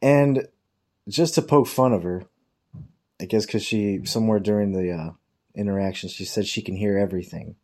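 Here a man with a fairly low, slightly mellow voice recounts a workplace story at normal speed. The casual anecdote rambles and is full of profanity, with mocking imitations of his coworkers' dialogue.

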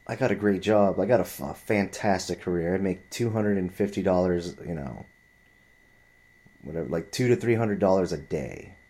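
A man's voice: low-pitched, moderate pace, dark tone. A man in his twenties telling a story in a heated, profane, rambling rant. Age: 20s.

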